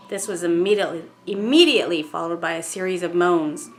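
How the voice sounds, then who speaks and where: A woman vlogger reading a ghost story aloud in an unhurried, measured way. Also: lowish voice.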